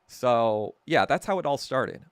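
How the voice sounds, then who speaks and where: A podcast host speaks a little slowly in a smooth, expressive, mid-range voice, recorded dry. His story turns into a heated casual rant full of profanity and sarcasm, and he laughs at himself throughout.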